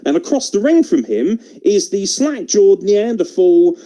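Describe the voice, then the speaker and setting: A man's voice: high-pitched, very animated, a little slow, mellow. A man from England co-hosting a wrestling podcast, talking casually, swearing and laughing as he riffs. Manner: sweary, laughing, puts on impressions. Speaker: podcast co-host.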